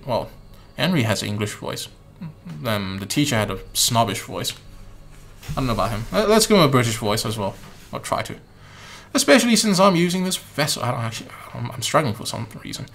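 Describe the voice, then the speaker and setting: A man's voice: mid-range voice, big pitch swings, brisk, fairly bright tone. A man streaming a game, offhand and wry, thinking aloud as he plays. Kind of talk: casual let's-play commentary.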